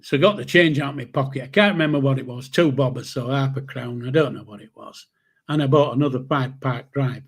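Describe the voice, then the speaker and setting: A man's voice: medium pitch, slightly rough. A man in his seventies with a Yorkshire accent, casually telling a rambling personal story, swearing freely and restarting sentences. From Yorkshire, England. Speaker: channel host.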